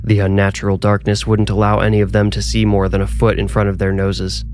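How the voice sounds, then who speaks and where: A man reading a scripted horror story in a measured, suspenseful way. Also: on the low side, completely flat delivery, darkish tone, faint music behind. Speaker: narrator and author.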